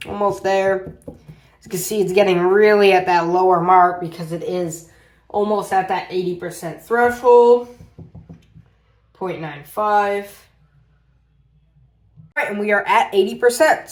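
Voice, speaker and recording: A man casually reviewing a power bank on his channel, rambling and often repeating himself as he talks through the tests. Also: high voice. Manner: rambling, repeats "as you can see". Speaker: tech reviewer. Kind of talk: casual product review vlog.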